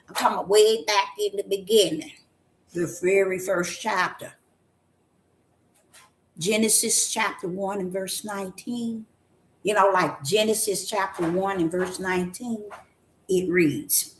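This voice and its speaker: A woman prophetess preaching to her listeners, emphatic and colloquial, with repeated, drawn-out stresses. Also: mid-range voice. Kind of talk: preaching to an audience. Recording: echoey room with faint noise.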